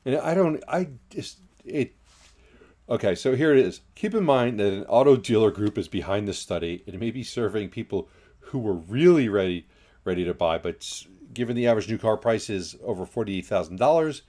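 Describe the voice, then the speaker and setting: A man's voice: lowish voice, lively intonation, fairly quick, mellow. A man co-hosting a casual podcast, talking in a blunt, opinionated way. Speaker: co-host.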